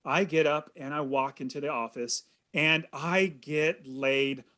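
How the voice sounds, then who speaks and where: A man in his thirties, a podcast guest, telling a personal story in an earnest, animated way. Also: fairly high pitch, unhurried. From California. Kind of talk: storytelling in an interview.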